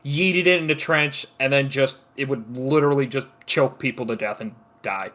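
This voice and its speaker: A man's voice: medium pitch, moderate pace, a bit bright. A man co-hosting a casual group podcast, joking around with his friends. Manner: joking, laughs between lines. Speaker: podcast co-host.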